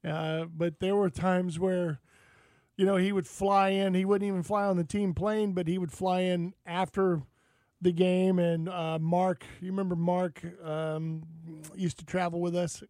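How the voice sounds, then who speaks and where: A man's voice: sits high, measured pace, no room sound. A man hosting a casual sports and outdoors radio show, telling stories and acting out what people said. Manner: lively storyteller, acts out quotes.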